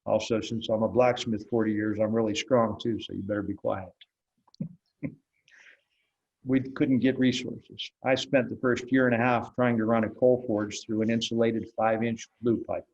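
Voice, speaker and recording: A man's voice: lowish voice, little pitch movement, normal speed, darkish tone, highs cut off. Older man telling a folksy story. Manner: folksy, wry storyteller who acts out dialogue. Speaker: interviewed blacksmith. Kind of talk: relaxed storytelling in an interview.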